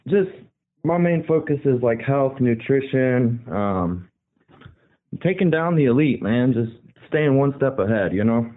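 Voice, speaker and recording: A male caller speaks earnestly and somewhat preachily, his voice at a middle pitch. It comes through a narrow, phone-like line. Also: lively intonation, unhurried. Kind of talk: casual call-in chat.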